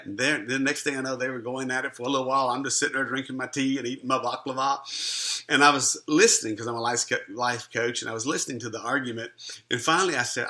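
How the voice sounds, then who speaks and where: A middle-aged man tells a personal story about friendship with bright, clear-edged energy. His delivery is earnest and conversational, full of small restarts as he gathers his thoughts. He sounds like a minister sharing a testimony. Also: mid-range voice, fairly even intonation, fast. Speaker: Christian minister and life coach.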